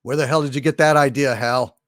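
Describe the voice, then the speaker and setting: A man's voice: mid-range voice, steady tone, fairly quick, a bit bright, no room sound, clean studio sound, lightly acted. A man voicing a tense male astronaut, pressing and urgent.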